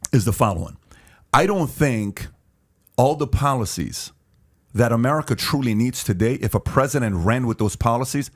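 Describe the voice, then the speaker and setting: A male podcast host argues his case, pushing back and cutting in on his guest. He repeats lines for emphasis and his voice sits in an ordinary middle pitch. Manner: pushy, interrupts, repeats points for emphasis. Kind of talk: debate on a podcast.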